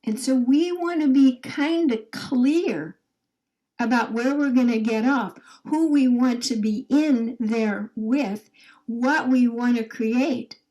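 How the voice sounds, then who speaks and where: Woman, guided meditation, slightly high voice, very slow, soft phrase ends that trail into whispers, call-and-response affirmations. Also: rough recording.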